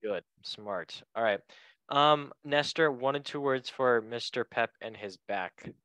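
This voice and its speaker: A man's voice: medium pitch, unhurried, bright, forceful tone, clear, resonant tone, no room sound. A man hosting a casual football podcast, joking and asking each guest for a word in turn. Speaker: podcast host. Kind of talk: casual chat.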